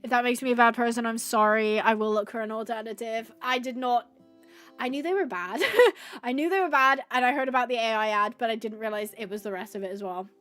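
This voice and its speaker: A woman's voice: fairly high pitch, a little fast, fairly bright tone, soft background music. A woman hosting a gaming livestream from home, chatting casually and bubbly with her viewers as she reads the chat. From United Kingdom.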